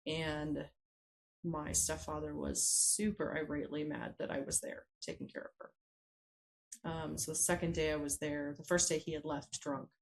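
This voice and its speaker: A woman guest on a podcast interview, recounting a personal story in a hesitant way, with frequent pauses and fillers. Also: low-pitched, little pitch movement, gravelly, poor audio.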